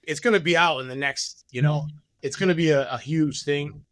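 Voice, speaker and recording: A man with a fairly high voice tells his story animatedly as a podcast guest, slipping into other people's words as he goes. The sound is dry and close, with no room echo. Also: moderate pace, fairly bright tone. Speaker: podcast guest, business owner. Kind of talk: candid storytelling in a podcast interview.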